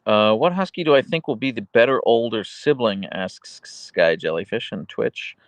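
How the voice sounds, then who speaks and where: A man hosting a casual livestream, reading viewer comments aloud and chatting about his dogs, slipping into a high cooing voice for his pet. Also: normal speed, no echo. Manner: goes high and cooing when talking to his dog. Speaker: livestream host.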